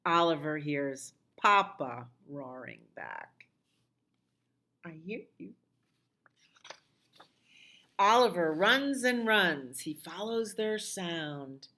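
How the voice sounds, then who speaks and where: A middle-aged woman leads a children's storytime, reading aloud in an unhurried way with a lowish voice. She breaks off for chatty, sing-song asides to the kids. Between stories she sings simple songs. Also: sing-song, pushed and bright. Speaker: children's librarian. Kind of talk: storytime read-aloud and singing.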